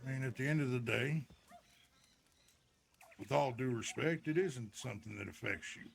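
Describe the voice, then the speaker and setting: Calm, gravelly old ranch hand, played by a man, steady Western drawl. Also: medium pitch, a little hiss or hum, natural voice. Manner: slow folksy drawl, steady and reasoning. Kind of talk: Western role-play.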